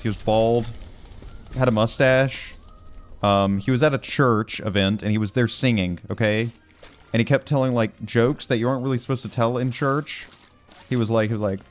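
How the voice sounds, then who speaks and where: A man's voice: fairly low pitch, smooth. A young man doing casual gameplay commentary, telling rambling, wry stories with lots of fillers. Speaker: gaming video creator.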